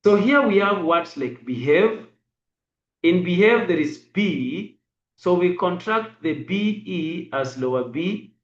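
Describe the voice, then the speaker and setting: Slow man teaching in an echoey room. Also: fairly high pitch, lo-fi sound. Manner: slow, spells letters and dot numbers. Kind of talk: braille lesson.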